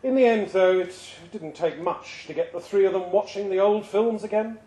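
Lively male reader, roomy live room. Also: high-pitched, moderate pace. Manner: lively, expressive storytelling. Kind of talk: live reading of a short story. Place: live reading event at a pub. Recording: roomy live venue sound.

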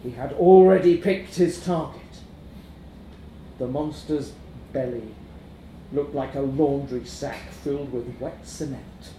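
A man's voice: mid-range voice, takes it slowly, long pauses, mellow, a little hiss or hum. A man reading a darkly comic story aloud, wry and chuckling. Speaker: narrator. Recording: roomy echo.

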